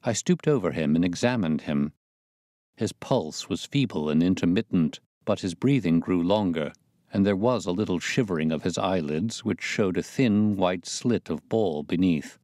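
A man narrating a classic detective story in a measured, even reading manner. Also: low-pitched, no room sound, studio quality. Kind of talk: audiobook narration.

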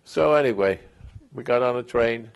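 A man's voice: medium pitch, normal speed, gravelly. A man in his eighties telling a veteran's war memories in an oral history interview, rambling and chuckling with many restarts. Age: 80s.

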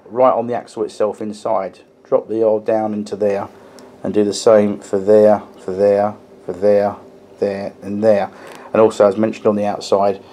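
Bloke chatting through a model train review, mellow low voice, lots of ums. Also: male voice. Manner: chatty, with frequent ums and restarts, stresses small details. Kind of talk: casual hobby review, explaining hands-on.

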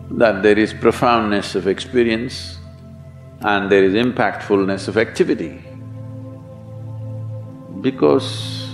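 A man giving a spiritual talk, asking rhetorical questions and slipping in jokes. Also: lowish voice. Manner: rhetorical questions, joking asides. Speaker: spiritual teacher. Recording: reverberant hall with soft music.

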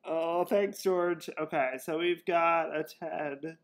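Man, lottery ticket vlogger, giggly and laughing, slow and drawn out, at home. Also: on the high side, steady tone. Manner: giggly, keeps breaking into helpless laughter. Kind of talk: casual chat while scratching tickets.

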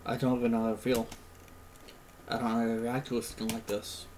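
A game streamer reacts emotionally to a visual novel as he plays, teary-eyed, swearing and repeating himself while fighting back tears. His mid-range, slightly mellow voice is flat and fairly quick, on a rough recording with slight background noise.

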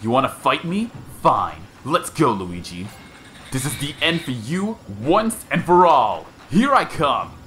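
A man putting on a theatrical ghost king, sneering and ranting, with a lively voice that swings up and down. His pitch sits in a middle range while he gloats over his foe in this video game villain read. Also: measured pace, slight background noise. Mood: furious. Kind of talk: reading game dialogue aloud.

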